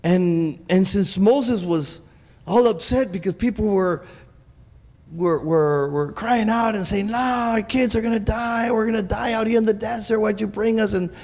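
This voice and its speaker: A man preaches in a high, gravelly voice. He is emphatic and repetitive, stumbling over restarts. His words ring with the long reverb of a church hall. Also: a little slow, a little mellow. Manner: emphatic, repetitive, with many restarts and stammered repeats. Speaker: pastor. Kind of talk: sermon.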